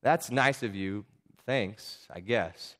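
A man's voice: lowish voice, takes it slowly, fairly bright tone, voice pushed down. A man voicing a sullen, grumbling schoolboy bully in a story he reads aloud during a sermon.

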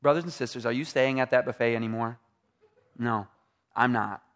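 A man's voice: mid-range voice, steady tone, normal speed, a bit bright. A man preaching a Christian seminar to a live audience, conversational, asking them questions and acting out little scenes.

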